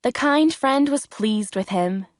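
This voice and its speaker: A woman narrating a storybook for English learners in a clear, simple, measured way. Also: on the high side, expressive, dry recording, clean studio sound.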